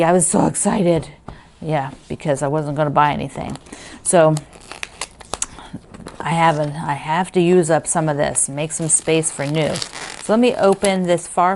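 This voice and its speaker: A woman with a somewhat low voice hosts a casual quilting video. She rambles warmly through her thoughts, full of fillers and restarts. She gushes with enthusiasm. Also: creaky, slight background noise. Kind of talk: casual chat.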